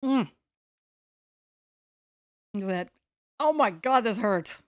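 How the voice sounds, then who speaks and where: A woman's voice: a little high, animated, extremely slow, no echo, clean studio sound. A woman from the United States chatting casually on a live stream from home, rambling and joking at her own expense. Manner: rambling, playful, self-mocking. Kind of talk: casual livestream chat. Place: at home, sitting on the floor.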